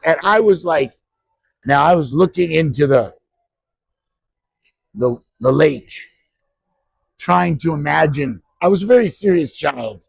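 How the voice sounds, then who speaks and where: A man around sixty telling stories from his acting past in an interview, animated and quick to act out what others said. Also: fairly high pitch, creaky, no echo. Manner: animated, acts out quoted voices, frequent restarts. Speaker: actor guest at a horror convention. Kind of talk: anecdotal interview storytelling. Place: convention interview.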